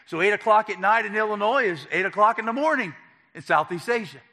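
A man telling his own story to an audience, animated and acting out the dialogue. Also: high-pitched, fast talker. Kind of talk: personal testimony talk. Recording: long hall reverb.

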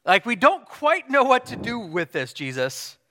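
A man's voice: very high voice, sing-song, a little slow, sharp tone, voice pushed up, full character voice. A man voicing a group of confused male disciples who question their teacher sarcastically. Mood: incredulous.

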